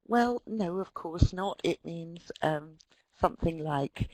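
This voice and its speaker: A woman's voice: on the low side, slow, slightly rough, dry recording, rough recording. A woman presenting an online lecture on language, telling stories and acting out quoted speech. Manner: lively storytelling, acts out quotes. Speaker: webinar presenter.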